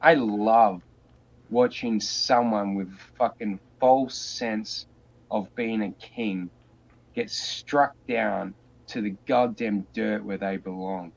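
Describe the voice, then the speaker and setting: A man's voice: lowish voice, steady tone, takes it slowly, creaky. A man hosting a podcast, ranting crudely and swearing nonstop. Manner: crude, heated, swears constantly. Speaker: podcast host. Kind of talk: profane rant. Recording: dull lo-fi sound.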